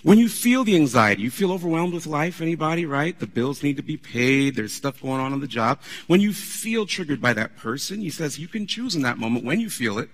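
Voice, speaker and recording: A man preaching a sermon as pastor, animated and conversational, laughing often as he talks. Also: on the high side, brisk, few pauses, big-room sound.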